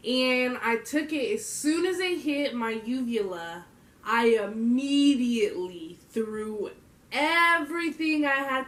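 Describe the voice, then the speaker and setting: A woman's voice: a little high, a bit bright, distant mic. A young adult woman vlogging, telling a story to camera in a casual, slangy way and laughing often. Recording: roomy echo.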